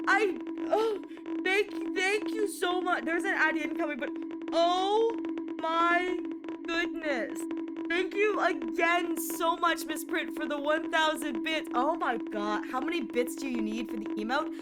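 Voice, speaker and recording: Very high-voiced excitable woman streamer. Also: measured pace, loud music behind the voice. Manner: excitable, laughs often, gushes thanks; shrieks in mock horror. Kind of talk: casual live-stream chat.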